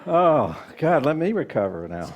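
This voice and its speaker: A man's voice: on the high side, big pitch swings, unhurried, noisy background. A man minister giving a sermon to a congregation, a jokey storyteller who turns reflective when he teaches. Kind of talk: sermon with jokes and readings. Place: spiritual center service before a live audience.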